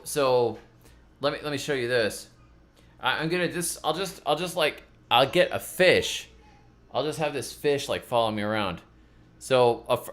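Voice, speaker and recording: A middle-aged man chats casually on his gardening channel. He rambles and pokes fun at himself, often doubling up his words, at a middle pitch. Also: a bit bright. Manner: rambling, self-mocking, repeats words often. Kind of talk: casual rambling vlog chat.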